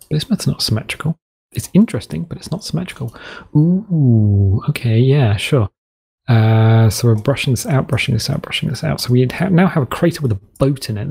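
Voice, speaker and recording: A man's voice: medium pitch, creaky, dark tone, breathy edge. A British man hosting a game video, rambling and self-deprecating as he talks through building a map. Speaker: gaming video host. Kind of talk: rambling let's-play commentary.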